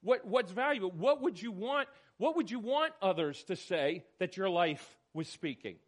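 A man leading a church study discussion, animated and questioning, calling on people by name. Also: sits high, normal speed. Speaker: church study group leader.

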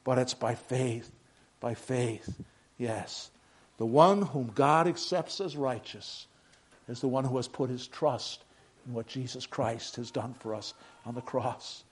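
An older man preaching a sermon, moving between quiet reflective passages and emphatic raised declarations. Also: medium pitch, takes it slowly, slight background noise.

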